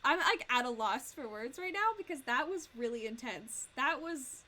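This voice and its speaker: A young woman streaming a video game, talking in an excitable, gushing, rambling way about what just happened. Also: high voice, moderate pace. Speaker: Let's Play streamer. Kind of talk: casual gaming commentary. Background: game music.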